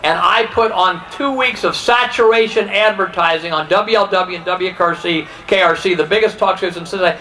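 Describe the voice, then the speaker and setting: A man's voice: sits high, bright, forceful tone, slight background noise, rough recording. A man from Ohio giving an impassioned political speech, heated, acting out the conversations he quotes. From Ohio, USA. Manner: heated, acts out quoted exchanges. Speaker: political speaker.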